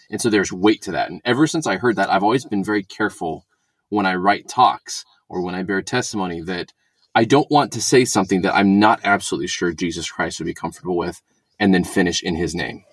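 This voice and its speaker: A man's voice: low-pitched, fairly quick, slightly rough, no room sound. A man co-hosting a casual podcast chat about church talks, wry and joking, often acting out quotes. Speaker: podcast co-host.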